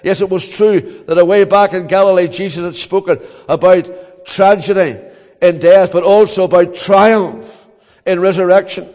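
An older man with a Northern Irish accent preaching a sermon as a pastor, telling stories earnestly with dramatic pauses. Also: sits high, steady tone, darkish tone, long reverb tail.

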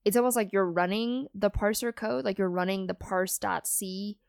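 Woman, podcast co-host, gravelly fry, dry close sound, hedging and thinking aloud. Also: mid-range voice, steady tone, moderate pace, a little mellow, no room sound. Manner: thinks aloud with hedges and restarts. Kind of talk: casual technical chat.

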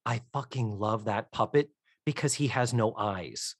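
A man co-hosting a podcast in casual chat, enthusiastic and animated, swearing freely. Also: medium pitch, measured pace, breathy edge, dry recording, clean studio sound. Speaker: podcast co-host.

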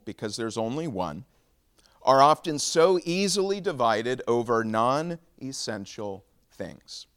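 A man's voice: medium pitch, fairly bright tone, smooth. A man preaching a sermon as pastor, moving from prayer into a joke and teaching. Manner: prays then tells a joke with acted voices.

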